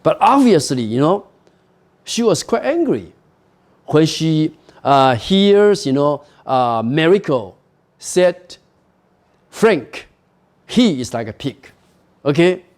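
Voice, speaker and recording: A man lecturing on a novel at a university, explaining slowly with frequent "you know" and "okay?" asides. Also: fairly high pitch, very animated, a little mellow.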